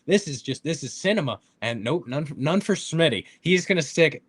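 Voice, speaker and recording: A man with a slightly higher-pitched voice chats about sports on a casual podcast. He tells stories with lots of enthusiasm, filling them with likes and restarting his sentences. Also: animated, normal speed, husky. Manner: enthusiastic storyteller, many fillers and restarts.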